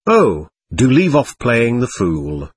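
A man's voice: mid-range voice, huge pitch swings, slow pace, husky, no echo, studio quality, full character voice. A man reading the part of a disdainful young woman scolding her father with contempt. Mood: scornful. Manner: disdainful, scornful.

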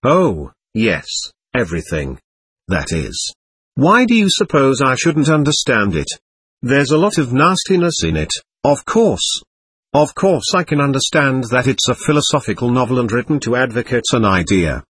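A man reading an audiobook, voicing a proud, argumentative teenage boy who lectures earnestly and takes offence quickly. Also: medium pitch, very animated, fairly bright tone, breathy edge, no room sound.

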